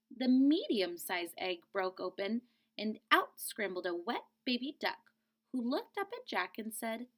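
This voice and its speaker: A woman teacher reads a picture book aloud to a class, stopping now and then to explain word meanings. She speaks slowly and with a lively, swooping pitch, and her voice sits a little high. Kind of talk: read-aloud storybook lesson.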